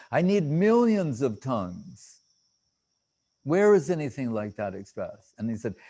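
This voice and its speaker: A man giving a devotional talk as a spiritual teacher, halting often with fillers and restarts and reciting Sanskrit verses haltingly. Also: fairly high pitch, a little mellow.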